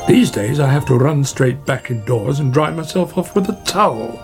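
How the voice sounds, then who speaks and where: A man's voice: medium pitch, animated, moderate pace, music in the background, lightly acted. A man voicing a chatty, worried male otter in a storybook reading.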